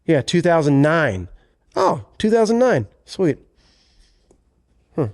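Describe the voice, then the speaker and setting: A man's voice: on the high side, big pitch swings, takes it slowly, darkish tone, no room sound, clean studio sound. A man co-hosting a podcast in casual chat, rambling and correcting himself as he talks. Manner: rambling, self-correcting, chatty. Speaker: podcast co-host, country singer.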